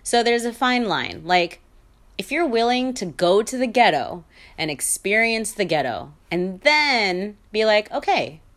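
A woman with a medium-pitched, fairly bright voice and lively intonation speaks a little slowly. She hosts her own podcast, giving her opinions in a candid monologue full of fillers, restarts and small laughs.

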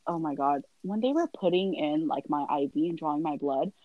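A young woman talking casually on a podcast, telling lively stories and acting out what her parents said. Her voice sits a little low for a woman. The sound is dry and close. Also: normal speed, dry recording, dull audio. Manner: animated storyteller, acts out family quotes, sighs and laughs often. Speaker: guest.

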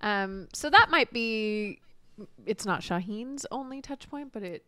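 Chatty woman with a smooth, clear voice. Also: on the high side, unhurried, no room sound. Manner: chatty, laughs often, animated. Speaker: podcast co-host. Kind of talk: casual chat.

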